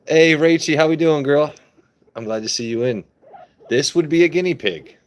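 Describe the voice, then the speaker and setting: A man's voice: a little high, normal speed. A man hosting a casual livestream, playfully talking to his pet and his chat viewers. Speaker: livestream host.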